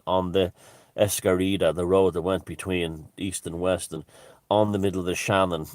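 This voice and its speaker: Irish man, deep and dry-voiced, vlogger; rambling, halting monologue full of asides. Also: no echo. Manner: digressive, halting, many restarts and asides.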